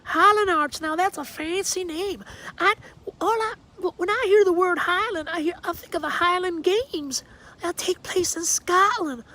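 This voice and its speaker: A folksy Southern gentleman, as a man puts him on, rambles along in a thick Savannah drawl. He muses in homespun sayings, wandering from one thought to the next. It sounds like he's talking outdoors on a backyard deck. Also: very high voice, normal speed, voice pushed up. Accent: Savannah, Georgia.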